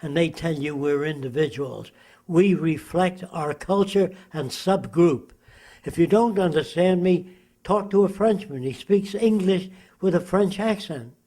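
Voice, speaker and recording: An elderly man in his nineties answers an interviewer at length, sounding emphatic and preachy. His voice sits a little high, and he keeps throwing rhetorical questions at his listener. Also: a little slow, warm tone. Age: 90s.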